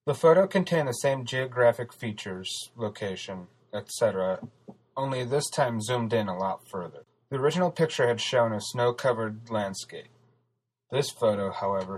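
A man reading a story aloud as narrator, steady and even. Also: on the low side, moderate pace, rough recording. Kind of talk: audiobook narration.

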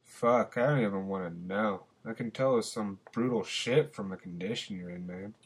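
A man's voice: on the low side, breathy edge. A man voicing a cocky, foul-mouthed male friend who chain-smokes, talking in brash, profane bursts. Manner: brash and profane, with quick outbursts.

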